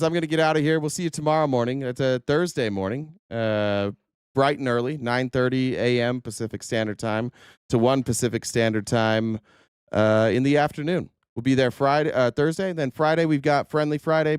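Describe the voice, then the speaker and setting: A man hosting a political livestream, full of sarcasm and swearing as he rants and reads out viewer comments. His voice is smooth and resonant, a little worn, with a dry, close sound and no room echo. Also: medium pitch, fairly even intonation, a little fast. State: voice a bit worn. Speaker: livestream host. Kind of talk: casual political livestream rant.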